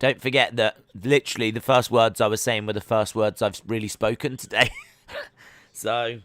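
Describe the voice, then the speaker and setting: A streamer reacts to the races live, chatty and easily excited. His voice is bright and crisp, close to the mic in a dry room. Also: on the low side, normal speed, dry recording. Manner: chatty, excitable, with frequent fillers. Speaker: livestream host. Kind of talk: live sports watch-along commentary.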